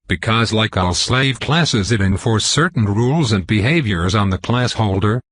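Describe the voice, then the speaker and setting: A man narrating a fantasy web novel in the first person, with measured, even storytelling. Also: on the low side, husky, no echo. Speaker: audiobook narrator.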